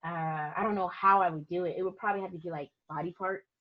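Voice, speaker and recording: Husky-voiced woman, animated storyteller. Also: fairly low pitch, quick pace, muffled recording. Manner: animated storyteller, laughs often, emphatic. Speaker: boudoir photographer, podcast guest. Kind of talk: casual interview chat.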